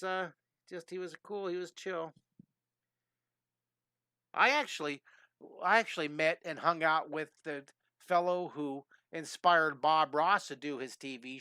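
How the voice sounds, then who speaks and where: A man in his fifties, an energetic and chatty drawing teacher who tells rambling stories during a live-streamed lesson. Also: on the high side, clean tone, dry recording. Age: 50s.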